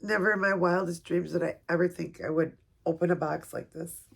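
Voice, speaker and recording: A woman at home filming an unboxing video for her vlog, talking softly and gushing with emotion. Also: lowish voice, fairly even intonation, brisk, vocal fry, husky. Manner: gushing, soft-spoken, emotional. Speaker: vlogger. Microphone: camera set up nearby.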